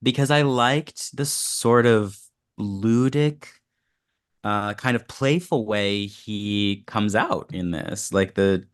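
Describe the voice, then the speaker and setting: A man's voice: lowish voice, takes it slowly, smooth. A man chatting on a podcast, thoughtful and wry, often laughing as he talks. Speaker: podcast co-host. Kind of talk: casual chat.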